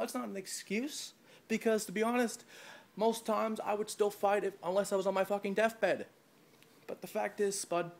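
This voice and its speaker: A young man with a cold delivering a scornful, rambling trash-talk promo. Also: a little high. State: has a cold.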